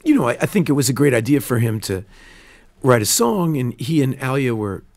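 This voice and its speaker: Gravelly-voiced man telling a story. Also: medium pitch, a little fast. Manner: earnest, animated storytelling with restarts. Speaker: film director. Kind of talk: casual studio interview. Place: radio studio.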